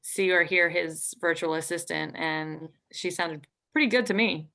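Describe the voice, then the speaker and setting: Gravelly bright-voiced woman hosting a call. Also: on the low side. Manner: friendly, teasing, quick. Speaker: meetup host. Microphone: video call.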